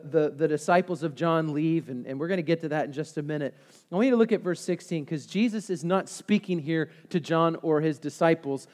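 A man, a pastor, preaching a sermon to his church, moving between calm teaching and loud, urgent preaching. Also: high-pitched. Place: church sanctuary. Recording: long reverb of a large hall.

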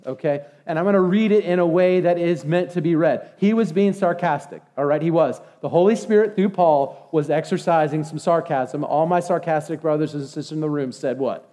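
A middle-aged man preaching a sermon, reading scripture aloud and calling for congregation responses. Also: moderate pace. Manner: animated, rises high and loud when exhorting. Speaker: pastor. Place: church sanctuary. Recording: long reverb of a church hall.

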